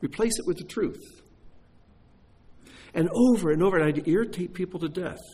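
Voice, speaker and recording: A man's voice: high voice, normal speed, warm tone, breathy edge. A man preaching a sermon, emphatic, often repeating key phrases and putting questions to his listeners.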